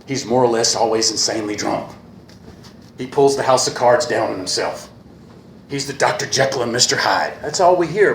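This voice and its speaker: A man speaking earnestly at a recovery meeting, repeating a refrain and pausing often with fillers, a little emotional. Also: mid-range voice. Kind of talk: personal talk at a meeting. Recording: echoey room with faint hiss.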